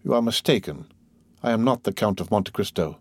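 A man voicing a deep, solemn avenging nobleman. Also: expressive, slightly rough, no room sound, clean studio sound. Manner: solemn, slow. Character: solemn, vengeful nobleman, grave and commanding. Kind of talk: audiobook character voice.

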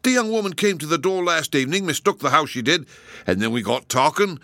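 A man's voice: a little high, expressive, brisk, bright, forceful tone, no echo, voice pushed up. A man voicing a nervous, apologetic police constable who stammers and defers to his superiors.

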